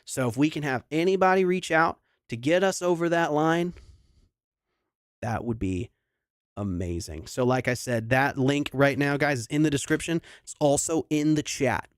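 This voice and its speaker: A man's voice: fairly high pitch, normal speed, clean tone, no room sound, studio quality. A young adult man, a singer hosting a livestream concert, chatting casually and rambling through a sentimental story with many restarts.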